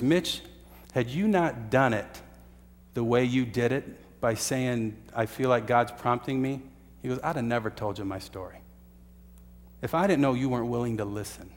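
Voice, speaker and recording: A man's voice: medium pitch, big-room sound. A man preaching a sermon, telling a story earnestly with uhs and restarts. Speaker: pastor.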